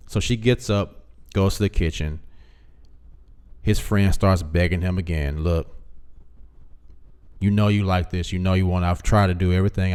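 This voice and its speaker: A man casually recapping a plot, acting out the characters' lines in an animated way. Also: low-pitched, clear, resonant tone. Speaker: commentary vlogger.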